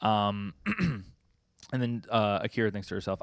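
Low-voiced man recapping comics casually. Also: fairly even intonation, normal speed, gravelly, fairly bright tone, dry recording, studio quality. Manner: rambling recap with many ums and likes. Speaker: podcast co-host. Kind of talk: casual chat recapping manga chapters.

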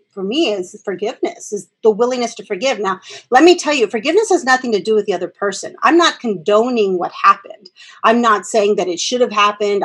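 Husky-voiced earnest woman. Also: mid-range voice. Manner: earnest, emphatic, swears for emphasis. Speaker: guest speaker with early education and trauma background. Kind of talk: candid conversational podcast talk.

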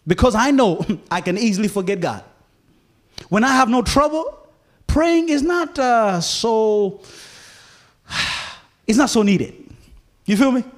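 Guy preaching a sermon, high voice swinging all over, pleading, keeps asking you feel me. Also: lively intonation, slow pace, long pauses. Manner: impassioned, pleading, often asks "you feel me?".

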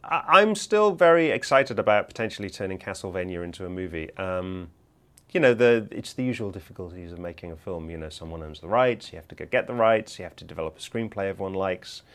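A man answering interview questions in a measured, explanatory way, with frequent fillers. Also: low-pitched, animated, fairly bright tone. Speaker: filmmaker in an interview clip.

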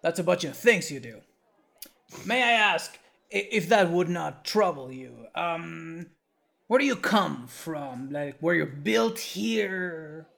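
Wary carnival hand, polite and hesitant, gravelly, voiced by a man. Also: fairly high pitch, expressive, slow, a bit bright, full character voice.

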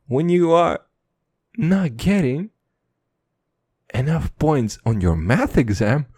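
A man's voice: medium pitch, slow, pauses often, slightly rough, no echo, clean studio sound. A man rambling through profane stories in a casual late-night monologue, laughing now and then. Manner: animated, laughing between lines. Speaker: vlogger.

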